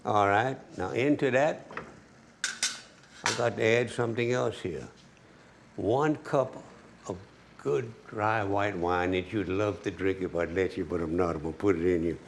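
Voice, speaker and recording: A man's voice: on the low side, unhurried, creaky, slight background noise. A man giving a cooking demonstration as a home cook, folksy and chatty, talking straight to the viewer.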